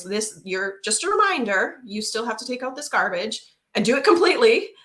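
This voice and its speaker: Bright-voiced woman parenting coach. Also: medium pitch. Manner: practical, matter-of-fact advice with quick laughs. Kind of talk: casual podcast interview.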